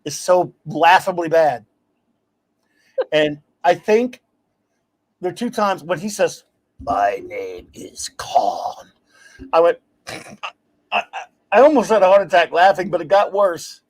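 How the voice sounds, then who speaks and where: A man hosting a casual talk show, telling stories in an animated, ranting way and laughing as he goes. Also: high-pitched, a little slow, pauses often. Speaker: podcast host. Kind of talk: casual chat.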